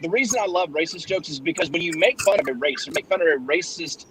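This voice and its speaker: A man's voice: fairly high pitch, fast, background noise. A man hosting a casual podcast chat who tells jokes in a loose, profane storytelling manner. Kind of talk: casual chat and joke telling.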